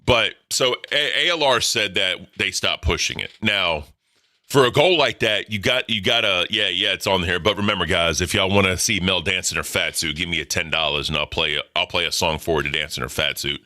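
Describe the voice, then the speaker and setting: Brief: low-voiced male host, cussing and rambling, punchy sharp tone, dry close sound. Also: a little fast, dry recording. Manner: profane, rambling, bantering. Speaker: podcast host. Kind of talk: casual crude commentary.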